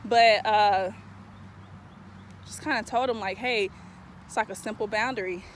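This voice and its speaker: A woman vlogging outdoors in a park, telling her story with animated emphasis, a little out of breath as she walks. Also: medium pitch, a little slow, a little hiss or hum. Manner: animated, emphatic storytelling, addresses viewers as y'all. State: slightly out of breath while walking. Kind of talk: casual talking-head vlog.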